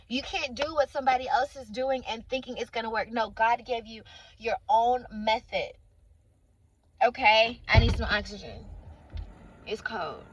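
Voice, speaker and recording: A woman's voice: fairly high pitch, normal speed, slightly rough, lo-fi sound. A woman giving informal preaching to her listeners, stressing points by repeating phrases and calling them honey and sweetheart. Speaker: Christian faith speaker.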